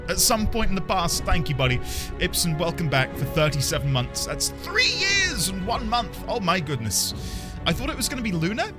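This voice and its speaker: A man's voice: on the high side, sing-song, fairly quick, music in the background. A man live-streaming a game, chatting playfully with viewers, with theatrical asides and frequent laughter.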